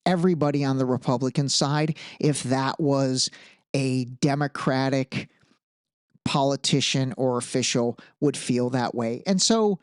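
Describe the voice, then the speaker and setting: A man hosting a podcast on his own, talking casually and with a lot of emphasis. His pitch is mid-range. The sound is dry and close. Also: measured pace, no echo. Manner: animated, emphatic, conversational with frequent asides. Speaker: podcast host. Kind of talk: casual solo commentary.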